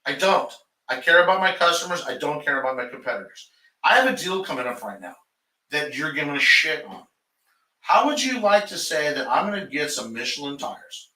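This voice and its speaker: A man's voice: a little high, lively intonation, a little fast, pushed and bright, recorded from a distance. A shop owner talking in a casual podcast chat, heated and profane, ranting about his business. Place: garage. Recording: roomy garage, off-mic.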